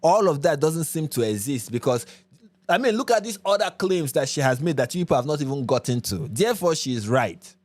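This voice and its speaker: A man's voice: on the high side, lively intonation, fairly quick, darkish tone, no room sound. A man hosting a commentary channel, from Nigeria, explaining his point emphatically and with a lot of repetition. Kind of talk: reaction commentary.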